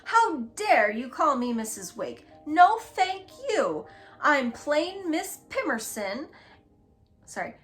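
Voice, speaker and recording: Lady doing a thin huffy housekeeper voice, high and drawn out, kinda shrill, storybook reading with faint music. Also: animated, sharp tone. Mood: outraged. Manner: shrill, slow, indignant. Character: thin, easily outraged woman housekeeper.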